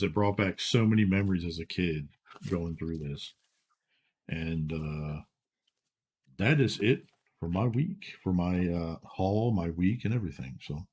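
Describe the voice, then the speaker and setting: Low-voiced laid-back podcast host, a man. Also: slightly rough. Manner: laid-back, rambling, says dude and like. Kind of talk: casual chat.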